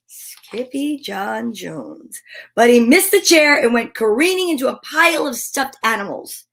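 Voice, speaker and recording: A woman's voice: sits high, animated, slow, fairly bright tone. A woman reading a children's picture book aloud, with playful, chatty asides to her listeners. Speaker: children's story reader.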